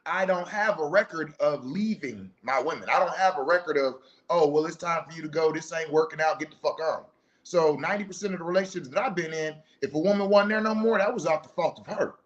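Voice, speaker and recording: A man's voice: a little high, fast, highs cut off. A middle-aged man hosting a talk show, giving a blunt, profane, preachy monologue and telling stories from home. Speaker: podcast host. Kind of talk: casual monologue, commentary.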